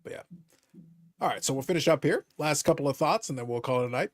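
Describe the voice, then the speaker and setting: A man hosting a casual live-stream chat about cards, joking, with animated mock-outraged asides. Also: a little high, quick pace. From Canada. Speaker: podcast host.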